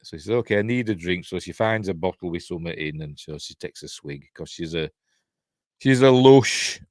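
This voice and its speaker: A Yorkshire man in middle age tells a film's story at his desk in a low, easygoing voice. He rambles, chuckles and briefly acts out quoted lines. The sound is close and dry, with no room echo. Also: steady tone, fast. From Yorkshire, England. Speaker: film reviewer. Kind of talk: casual film recap.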